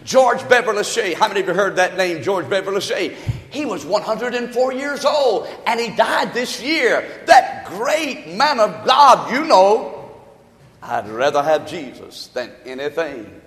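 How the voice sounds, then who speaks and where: Male pastor, impassioned sermon delivery, high and animated, long hall reverb. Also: unhurried. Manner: impassioned preaching, swings between hushed and shouting.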